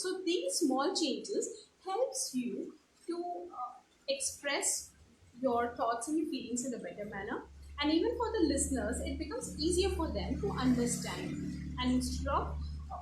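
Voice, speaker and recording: A woman's voice: high voice, darkish tone, echoey room, slight background noise, poor audio. A woman with an Indian English accent teaching spoken English in a live online class, explaining step by step with many fillers and restarts.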